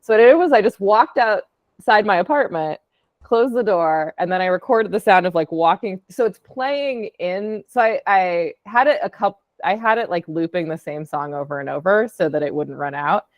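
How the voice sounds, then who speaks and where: A woman's voice: mid-range voice, normal speed, no room sound, studio quality. A woman, an audio artist, casually presenting her work on a call in a chatty, upbeat way with lots of fillers. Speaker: podcast producer and audio artist.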